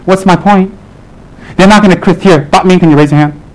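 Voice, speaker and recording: A man teaching as a Buddhist lama, his voice sitting a touch high for a man. He jokes with his audience in an animated way and hammers his points with repeated rallying phrases. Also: a little fast, poor audio. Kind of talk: live humorous dharma talk to an audience.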